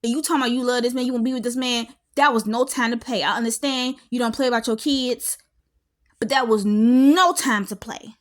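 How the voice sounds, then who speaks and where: A woman, giving an outspoken, animated casual reaction to a reality show and sometimes talking loudly. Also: fairly high pitch, quick pace, hardly any pauses. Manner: animated and outspoken, with frequent laughs and exclamations; loud at times. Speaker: reality TV reviewer.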